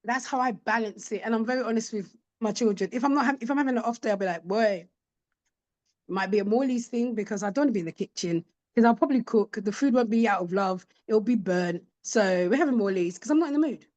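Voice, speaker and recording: Middle-aged woman, podcast guest, candid and animated storyteller, fairly high voice. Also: fast talker, muffled recording. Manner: animated, acts out quoted voices of her children.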